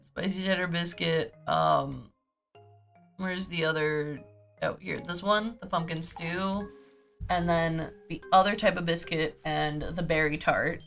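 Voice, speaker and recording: A woman's voice: fairly low pitch, steady tone, slow pace, fairly bright tone, soft background music. A woman streaming a cozy farming game, chatting to herself in a goofy way, humming and scatting as she sorts her items. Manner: goofy, hums and scats to herself while sorting items. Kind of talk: casual gameplay chatter. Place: home streaming setup.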